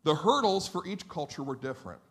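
Animated man preaching a sermon. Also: a little high, brisk. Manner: animated, conversational preaching with mock-quoted listeners. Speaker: pastor. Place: church sanctuary.

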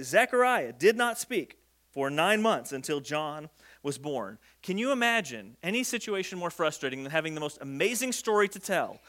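A man's voice: sits high, pushed and bright. A man preaching a conversational sermon, joking and acting out the people in the story. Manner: conversational, jokey, acts out quoted speech. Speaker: pastor.

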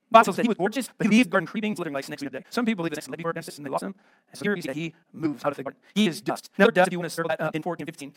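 A middle-aged American pastor preaching a sermon, emphatic and full of rhetorical questions. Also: male voice, sits high, fairly bright tone, dry recording.

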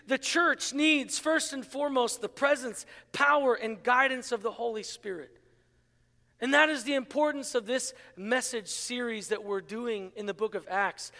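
A middle-aged man from Pittsburgh preaching a sermon, telling a story with lively asides and frequent "right?" to the congregation. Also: very high voice, creaky. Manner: storytelling, animated, asks audience "right?". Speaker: pastor. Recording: hall with long reverb.

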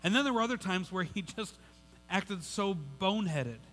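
Bright-voiced male preacher in a big hall. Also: high-pitched, animated, normal speed, soft background music. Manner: conversational, repeats words, restarts sentences. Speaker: pastor. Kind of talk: sermon. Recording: long hall reverb.

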